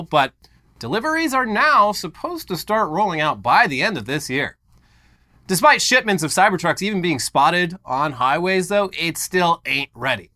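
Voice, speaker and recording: A man's voice: a little high, sharp tone. A man co-hosting a tech news show, explaining stories with sarcastic quips. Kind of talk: casual tech news banter.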